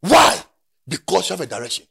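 A man preaching a sermon, dropping to quiet talk and then rising to shouted, sing-song preaching. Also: sits high, wildly swooping pitch, fairly quick, gravelly, breathy edge.

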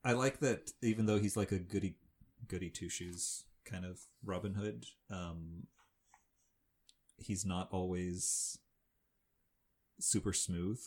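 Brief: low-voiced male podcast co-host, loose and rambling, lots of ums. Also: steady tone, slow pace, pauses often, a little mellow. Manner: rambling, with many fillers and restarts. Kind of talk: casual chat recapping a film.

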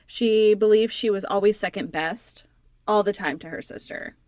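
A woman's voice: mid-range voice, normal speed, darkish tone, dry recording. A woman co-hosting a podcast, reading a true crime story with teasing, profane banter and frequent laughs. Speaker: podcast co-host.

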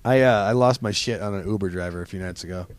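A man on a podcast telling a story in an excitable way, swearing and acting out what people said. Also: lowish voice, fast. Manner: excitable, profane, acts out quotes. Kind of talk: animated storytelling in casual chat.

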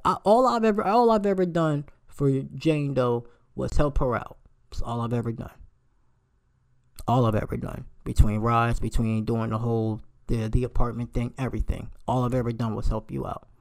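Guy in his late 20s venting a storytime rant, heated and cussing, voice shoots up when he's mad, middle pitch. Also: normal speed. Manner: animated, profane, emphatic, voice jumps high when outraged.

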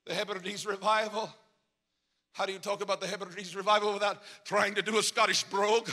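A man preaching a revival sermon as pastor, shouting in a sung cadence at the peaks and dropping low and quiet in between. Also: little pitch movement, brisk. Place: church sanctuary. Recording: long reverb of a large hall.

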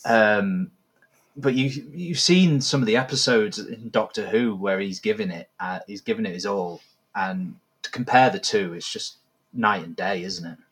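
Deep-ish, husky male, dry and measured delivery. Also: a bit bright. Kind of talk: casual chat.

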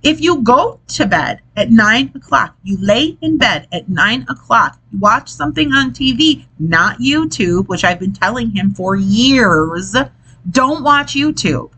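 A woman's voice: a little high, animated, a little slow, hardly any pauses, bright, forceful tone, husky, low-quality recording. A woman hosting a casual podcast, a mother talking in an exasperated, chatty way and swearing now and then. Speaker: podcast host, parent. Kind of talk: casual monologue. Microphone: desk mic, hits it while gesturing.

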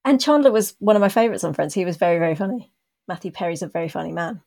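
A woman co-hosting a podcast in casual chat, talking through a TV episode in thoughtful, drawn-out explanations with a dry, self-deprecating humor. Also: lowish voice, vocal fry, darkish tone. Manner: thoughtful, explains her views at length. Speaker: podcast co-host.

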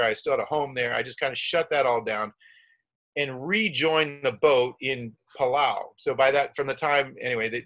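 A man's voice: mid-range voice, fairly bright tone. A middle-aged man telling a long travel story in a rambling way, with many restarts and acted-out quotes. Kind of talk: casual storytelling.

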